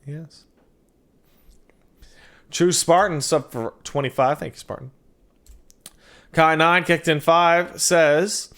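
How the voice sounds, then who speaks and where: A man streaming a game, chatting casually and reading out donations with jokey, quick asides. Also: a little high, steady tone, a bit bright.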